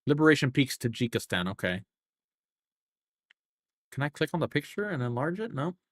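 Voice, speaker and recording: A young live streamer has a sing-song, mid-range voice and speaks at a moderate pace, with no room sound. Casual and profane, he rambles and thinks aloud while scrolling through the game's menus.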